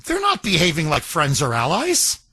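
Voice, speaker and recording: A man's voice: fairly high pitch, wildly swooping pitch, normal speed, bright, forceful tone, slightly rough, dry recording. A man hosting a political talk radio show, delivering an emphatic monologue full of repetition and rhetorical questions.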